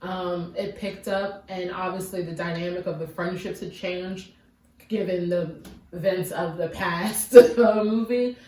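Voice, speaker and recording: A woman's voice: on the low side, steady tone, measured pace, darkish tone, recorded from a distance, slight background noise. A woman co-hosting a casual movie review chat, teasing her partner and laughing easily. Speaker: podcast co-host. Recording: roomy, mic set back.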